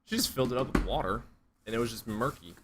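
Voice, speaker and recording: A man's voice: medium pitch, lively intonation, quick pace, slight background noise. A man streaming and answering chat questions in a blunt, profane, sarcastic way. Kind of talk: casual livestream chat.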